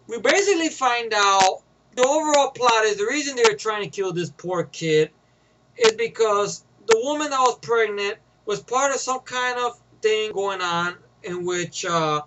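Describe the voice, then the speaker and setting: Brief: young man, high voice, loose rambling movie review, repeats words, mimics film lines. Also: fairly bright tone, rough recording. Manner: rambling, laughs often, restarts and repeats words; acts out movie lines in character. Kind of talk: casual spoken movie review.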